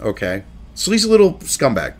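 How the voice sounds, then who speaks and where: A man's voice: mid-range voice, huge pitch swings, moderate pace. A man hosting a political news commentary video, ranting angrily and sarcastically with heavy swearing. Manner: mocks others in put-on voices. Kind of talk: profane political commentary rant.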